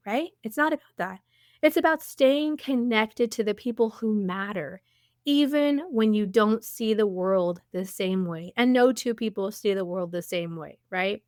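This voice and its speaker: Woman coaching listeners on her podcast, upbeat and encouraging, keeps asking all right?, slightly high voice. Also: no echo, studio quality. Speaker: podcast host.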